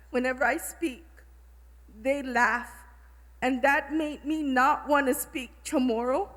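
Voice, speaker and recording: A woman from Guam who teaches middle school, speaking from the audience in a heartfelt, apologetic way. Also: high-pitched. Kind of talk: audience remarks at a symposium. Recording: long hall reverb.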